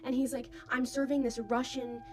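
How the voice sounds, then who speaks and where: A woman's voice: high voice, moderate pace, noisy background. A young woman telling a story casually, full of "like" and acting out what others said. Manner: animated, quotes others' voices, many "like"s.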